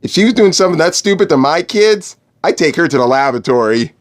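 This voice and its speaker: A man's voice: a little high, expressive, quick pace, background noise. A man reviewing a cartoon episode, crude and exasperated, swearing often. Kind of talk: profane commentary over clips.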